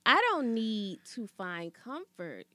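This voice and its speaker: Woman co-host, animated storyteller; bright, very expressive pitch, dry room. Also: slow, no room sound. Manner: animated storyteller, bursts into high laughter. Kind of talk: casual chat.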